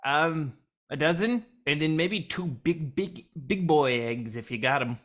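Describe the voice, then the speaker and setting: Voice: medium pitch, expressive, measured pace. A player in a tabletop game, eager, playful and blunt.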